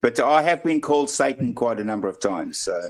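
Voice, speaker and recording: A man's voice: medium pitch, animated, low-quality recording. Dry-joking man on a tablet mic. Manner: dry, teasing humor with hesitant filler pauses. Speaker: guest panelist. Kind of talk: casual video call chat. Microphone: iPad microphone.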